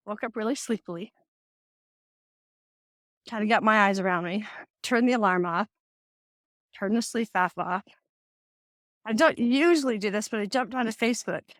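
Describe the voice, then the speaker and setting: Animated middle-aged woman, dry close sound. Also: fairly high pitch, no echo. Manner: animated storytelling, acting out quoted voices. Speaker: host. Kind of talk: casual faith-based talk.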